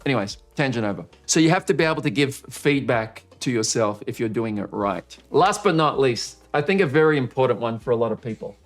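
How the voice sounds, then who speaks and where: Male coach running a live online training to camera, energetic with pitch jumps, faint music under. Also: fairly quick, hardly any pauses. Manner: energetic, swings pitch up and down to show a point. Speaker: marketing coach. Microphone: speaking to camera.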